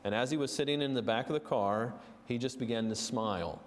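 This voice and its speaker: A man preaching in a church sanctuary, his middle-pitched voice carrying an earnest, storytelling tone. He stumbles into restarts and fillers as he goes. A long reverb trails every phrase, as in a large hall. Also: brisk. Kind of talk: sermon.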